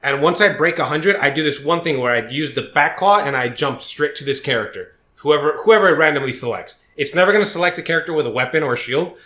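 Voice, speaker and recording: Young male podcast co-host, animated profane storyteller, bright tense voice, roomy echo. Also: on the high side, fast, few pauses. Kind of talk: casual podcast chat.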